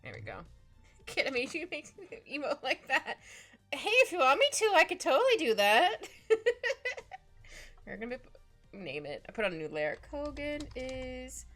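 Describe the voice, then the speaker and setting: Giggly bright-voiced young woman streamer. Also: high voice, big pitch swings, normal speed, pauses often. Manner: giggly, playful, talks to chat. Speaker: streamer drawing live. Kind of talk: casual chat while drawing. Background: faint music.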